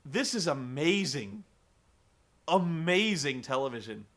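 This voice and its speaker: A man hosting a casual comedic wrestling recap, animated, laughing and swearing casually. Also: on the high side, slow pace.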